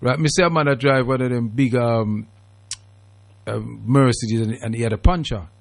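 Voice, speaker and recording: Talk radio host reining in a caller. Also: male voice, mid-range voice, normal speed, gravelly. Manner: interjecting, calming callers, explains at length.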